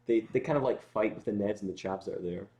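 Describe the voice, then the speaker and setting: Fast-talking Scottish man, chatty. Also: lowish voice, mellow. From Scotland. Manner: rambling, heavy on filler words, quick jokey asides. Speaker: guest musician. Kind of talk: casual livestream chat.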